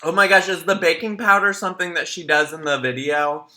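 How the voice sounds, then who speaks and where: A man with a strikingly bright, forceful voice pitched a little high, hosting a livestream. He chats casually and tells stories animatedly, calling his viewers "y'all". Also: fairly quick. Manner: chatty, animated storytelling, addresses viewers as y'all. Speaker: livestream host. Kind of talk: casual reaction commentary.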